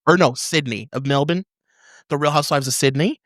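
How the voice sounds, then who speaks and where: A man's voice: a little high, fast talker, fairly bright tone, dry recording, clean studio sound. A young adult man co-hosting a podcast in casual chat, enthusiastic and laughing often. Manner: enthusiastic, laughs often, uses 'like' a lot. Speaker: podcast co-host.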